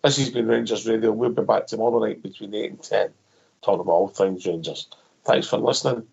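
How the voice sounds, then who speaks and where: Easygoing Scottish radio host, low voice. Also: male voice, brisk, creaky, darkish tone, breathy edge. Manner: easygoing, friendly, chummy. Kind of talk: casual football phone-in chat. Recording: dull lo-fi audio.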